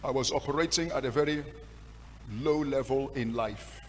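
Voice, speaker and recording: A man with a Nigerian accent preaching a testimony sermon, swinging from hushed storytelling to loud, impassioned declaiming. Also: mid-range voice, moderate pace, long reverb tail, slight background noise. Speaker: pastor.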